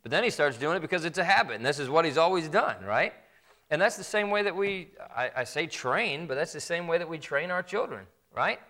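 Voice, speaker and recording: A man preaching a sermon in a conversational way, acting out parents and children in quick quoted asides. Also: fairly high pitch, lively intonation, bright, forceful tone. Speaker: pastor.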